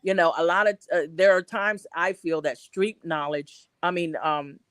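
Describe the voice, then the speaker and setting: Woman on a live panel, animated, dry close sound, acts out bits of street talk. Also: fairly low pitch, normal speed, no room sound. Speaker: co-host. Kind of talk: casual panel chat.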